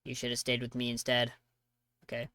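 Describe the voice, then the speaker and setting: Smooth-voiced sarcastic gamer reading game text. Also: mid-range voice, monotone, fairly quick, sharp tone, no room sound. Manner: sarcastic, skims text with "blah, blah"; reads choices then reacts with mock outrage. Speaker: video game player. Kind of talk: let's play commentary, reading game text aloud.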